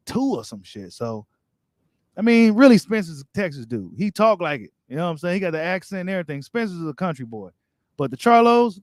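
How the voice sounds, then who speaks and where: Reading comments from his boxing stream's viewers, this host answers in casual slang, speaking directly to his audience. His voice is fairly high, and the audio is close and dry with no room around it and no echo.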